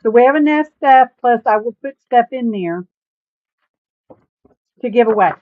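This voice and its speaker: A woman hosting a casual crafting livestream, chatty and folksy and quick to laugh. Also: on the high side, animated, dry recording. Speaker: livestream host. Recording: tinny phone-like sound, dry.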